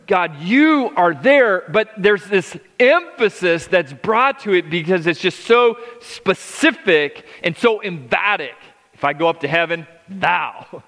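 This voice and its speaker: Middle-aged male pastor, emphatic sermon delivery, bright tone, long hall reverb. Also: high-pitched. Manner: emphatic, drawn-out words with frequent restarts.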